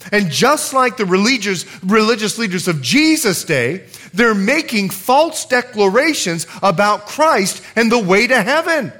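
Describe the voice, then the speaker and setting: Lively high-voiced male pastor preaching. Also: a little slow, hardly any pauses. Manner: animated, asks the congregation questions. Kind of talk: sermon.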